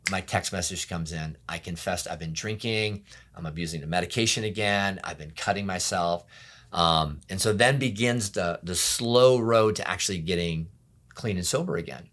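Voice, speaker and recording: A middle-aged pastor telling his own story in an interview, candid and often quiet, acting out the voices of people around him. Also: sits low, moderate pace. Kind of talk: personal testimony interview.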